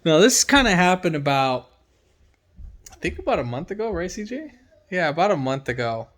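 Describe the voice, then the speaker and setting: A man with a slightly raised voice tells a story in a loose, chatty way. He gets animated and acts out his own reactions as he goes. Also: a little high, moderate pace. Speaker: mechanic working from home. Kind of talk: casual storytelling.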